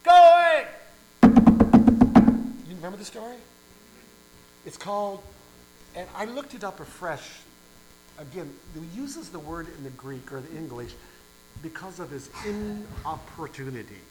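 A man preaching a sermon as pastor, telling a parable with lively acted-out voices. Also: on the high side, moderate pace, pauses often, echoey room, heavy background noise. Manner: animated storytelling, acting out voices and shouts. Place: church.

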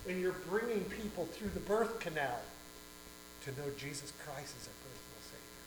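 A man preaching a sermon as pastor, telling a parable with lively acted-out voices. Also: a little high, moderate pace, reverberant, background noise. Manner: animated storytelling, acting out voices and shouts. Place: church.

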